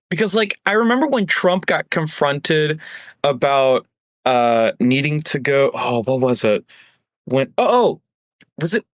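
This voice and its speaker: Brief: lively, swearing male co-host, rants fast, dry home mic. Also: fairly high pitch, no echo. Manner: animated, profane, mimics politicians. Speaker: podcast co-host. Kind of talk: casual political rant. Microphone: home microphone.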